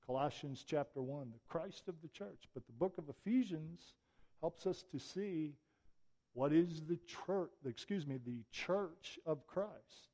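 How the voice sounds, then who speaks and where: A middle-aged man delivers a sermon in a relaxed, conversational way, with touches of wry humor. His speaking voice sits on the higher side for a man. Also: measured pace. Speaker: preacher.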